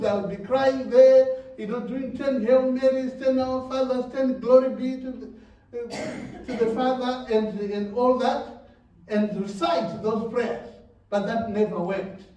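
A man's voice: very high voice, mellow. A man preaching a sermon in a church, repeating words and laughing between phrases. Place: church hall. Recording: very echoey church hall, mic at a distance.

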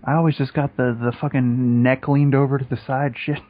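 A husky young man swears his way through a casual podcast chat with a relaxed, joking ease. His voice sits at a middle pitch and comes through on dull, muffled lo-fi audio. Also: a little fast. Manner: profane, laid-back, joking. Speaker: podcast co-host.

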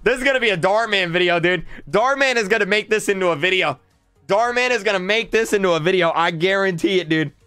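A male livestreamer with a fairly high, smooth voice, heard close and dry with no room sound. He talks to his chat in an exasperated way, repeating lines and tripping over his words. Faint music plays behind him. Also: fast, pushed and bright, no echo. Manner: exasperated, repeats himself, stammers and laughs.

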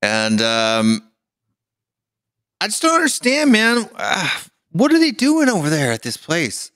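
A man's voice: high voice, huge pitch swings, measured pace, sharp tone, no echo, clean studio sound. A young adult man co-hosting a podcast in casual chat, talking in an exasperated, rambling way with lots of fillers. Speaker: podcast co-host.

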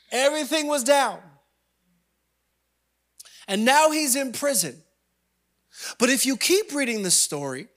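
A man preaching a sermon, telling a story in an animated way with playful asides to the congregation. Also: very high-pitched. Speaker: pastor.

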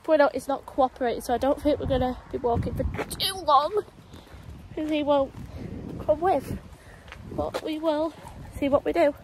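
A woman's voice: sits high, fairly even intonation, normal speed, pauses often, slight background noise, low-quality recording. A young woman in her twenties chatting casually to camera while walking her dog through the countryside, a little out of breath. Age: 20s. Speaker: vlogger. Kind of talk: casual vlog chat. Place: outdoors on a countryside walk.

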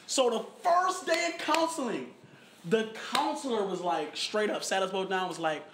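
A young man of about 21, an interviewee in a photo project, tells a personal story in casual conversation with a high voice at a moderate pace. He is animated, acts out what people said, and often asks "you know what I'm saying." The conversation was recorded and played back in the talk, in an echoey room with faint background noise.

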